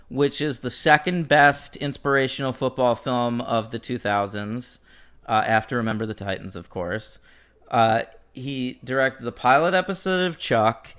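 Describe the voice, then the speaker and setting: A man's voice: medium pitch, a bit bright, clean tone. A man chatting casually and joking as host of a film podcast. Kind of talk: casual chat.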